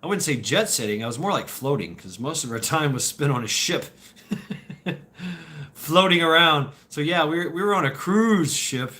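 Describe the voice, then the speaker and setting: A man in his forties works through viewer questions on a live stream, rambling at a moderate pace in a somewhat high, bright, forceful voice. He is animated, halts often, repeats words, and laughs between stories.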